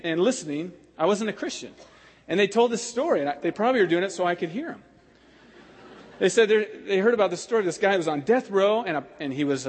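A male pastor tells stories from the pulpit with lots of animation, acting out each character's lines. His voice sits fairly high for a man. The sound carries a long reverb from a large hall. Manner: animated, acts out voices and laughs while telling stories. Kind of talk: sermon storytelling.

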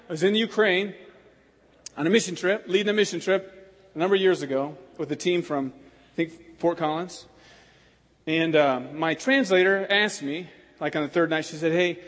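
A man preaching, telling personal stories in an animated way and acting out the voices of the people in them. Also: a little high. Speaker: pastor. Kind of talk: sermon storytelling. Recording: long hall reverb.

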